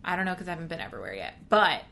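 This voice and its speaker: A young woman chatting on her podcast, her voice sitting a little low for a woman. She talks excitedly, laughs often and swears casually. A faint low rumble runs under the recording. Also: racing, vocal fry. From Texas. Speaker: podcast co-host. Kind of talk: casual chat.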